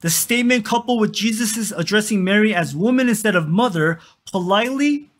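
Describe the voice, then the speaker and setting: A man's voice: high-pitched, fairly bright tone. A man preaching as a pastor, conversational, asking his listeners questions and answering them himself. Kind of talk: sermon.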